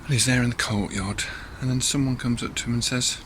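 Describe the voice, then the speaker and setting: A man's voice: mid-range voice, steady tone, a little fast, a bit bright, slight background noise. A man leading a church all-age talk, telling a Bible story in a chatty way with asides to listeners and acted voices.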